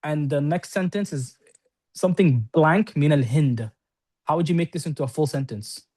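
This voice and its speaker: A man teaching an Arabic lesson to a class, explaining quickly and often checking in with "right?". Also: a little high, a little mellow. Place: classroom with students on-site and online.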